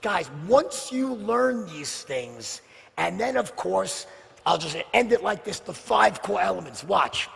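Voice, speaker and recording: Gravelly, animated man addressing a seminar hall. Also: high-pitched, takes it slowly. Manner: animated, swings between loud bursts and hushed near-whispers; addresses the audience directly with rhetorical questions. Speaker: sales trainer giving a seminar. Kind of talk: live seminar talk to an audience.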